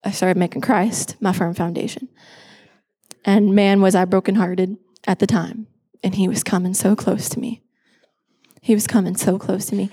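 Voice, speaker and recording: A woman's voice: mid-range voice, mellow. Woman pastor in an echoing hall. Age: 20s. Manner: emphatic, repeats phrases for effect. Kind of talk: personal testimony sermon. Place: church stage. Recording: echoey hall with long reverb.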